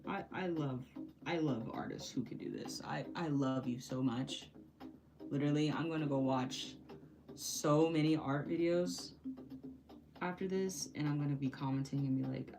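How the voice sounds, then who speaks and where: A young woman vlogs while painting, her voice low and her pace normal. She chats casually, frustrated yet poking fun at herself and laughing often, over soft background music.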